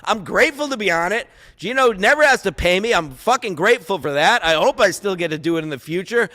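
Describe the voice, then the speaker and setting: Heated, shouting man on a podcast. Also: high voice, expressive, quick pace, long reverb tail. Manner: profane, heated, often shouting. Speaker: podcast guest. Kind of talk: ranting podcast chat.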